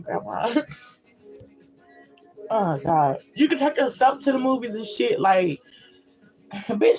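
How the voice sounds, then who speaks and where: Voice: mid-range voice, rough recording. A spiritual reader giving a blunt, profane and emphatic pep talk to viewers, often checking in with "you feel me?".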